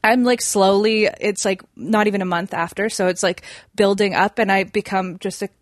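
A young woman chats her way through a story, looping back with fillers and restarts as she goes. Her voice is of middle pitch, recorded close and dry with no room sound. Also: fairly even intonation, normal speed, no echo. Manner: chatty, many fillers and restarts. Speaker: podcast guest. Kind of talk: casual storytelling.

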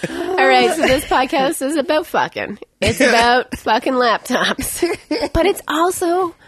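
A woman's voice: high voice, lively intonation, unhurried, breathy edge, dry recording. A woman hosting a casual podcast chat, cracking crude jokes and laughing often. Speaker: podcast host.

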